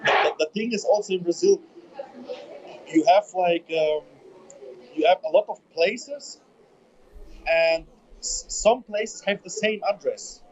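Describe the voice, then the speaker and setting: A man in his twenties with a German accent, a bodybuilder speaking English as a second language in a casual interview, halting and repeating words as he searches for them. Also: high-pitched. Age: 20s. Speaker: bodybuilder guest. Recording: dull lo-fi remote audio.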